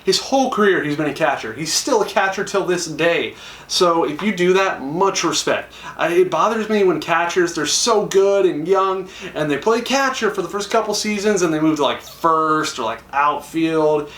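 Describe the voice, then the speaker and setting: A man's voice: on the high side, moderate pace, fairly bright tone, recorded from a distance. A young man chatting enthusiastically to camera, acting out quoted lines. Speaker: YouTuber. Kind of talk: casual talk to camera. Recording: echoey room, a little off-mic.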